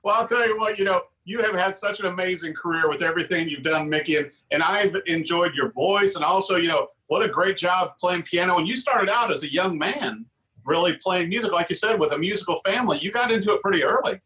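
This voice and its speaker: Male host, high voice, bright sharp tone, chatty, filler-heavy questions. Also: a little fast, low-quality recording. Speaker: show host. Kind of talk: interview.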